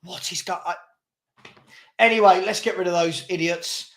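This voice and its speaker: Exasperated livestream football host. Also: male voice, sits high, steady tone, normal speed, a bit bright. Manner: exasperated, ranting at chat between play-by-play. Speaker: watchalong host. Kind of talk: live match commentary and chat.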